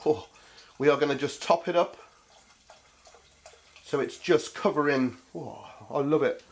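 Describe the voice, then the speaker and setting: Male cooking host, casual and joking, talks to viewers like mates; voice sits a touch high. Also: a little slow, vocal fry, pauses often, slight background noise.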